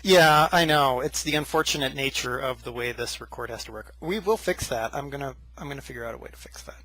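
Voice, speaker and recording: A young man from the United States hosting a casual podcast chat over a video call, relaxed and chatty, often restarting his sentences. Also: medium pitch, fairly quick. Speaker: podcast host.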